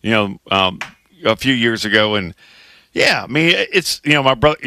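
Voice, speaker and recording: Bright, excitable male co-host. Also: mid-range voice, moderate pace. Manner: excitable, interrupting, stumbling. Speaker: sports talk show co-host. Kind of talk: casual studio chat.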